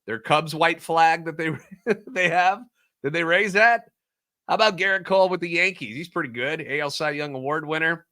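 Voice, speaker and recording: A man's voice: on the high side, normal speed, sharp tone. A man hosting a solo sports podcast, ranting sarcastically and animatedly about overreactions. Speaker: podcast host.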